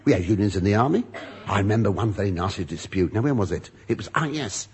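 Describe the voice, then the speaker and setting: Camp older male comedian, lively. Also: fairly low pitch, quick pace. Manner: camp, innuendo-laden, mock-flustered. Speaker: stand-up comedian. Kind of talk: comic monologue with sketch dialogue. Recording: live audience recording with noise. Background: audience laughter.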